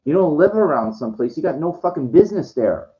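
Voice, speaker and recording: This vlogger's voice is fairly high and dark in tone, and he speaks very animatedly at a quick pace. He drifts through a profane, rambling monologue full of "you know" and "like." It's captured in dull lo-fi audio.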